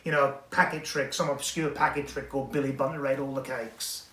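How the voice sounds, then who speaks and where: A man's voice: mid-range voice, steady tone, a little fast, fairly bright tone, slight background noise. A man hosting a weekly magic product review in a rambling, digressive, self-deprecating manner. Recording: echoey room.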